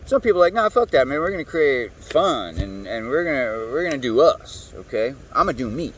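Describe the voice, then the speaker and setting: A man rambles through a profane monologue, and his pitch swings widely as he talks. He sounds a little far from the mic, and faint noise runs underneath. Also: animated, fairly quick. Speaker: show host.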